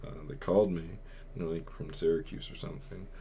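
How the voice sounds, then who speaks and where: A young man with a low, deep voice tells a long personal story on his podcast. He rambles and fills his talk with filler words, and his tone stays quiet and subdued. A faint hiss sits under the voice. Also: steady tone, a little fast. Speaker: podcast host. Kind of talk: casual storytelling.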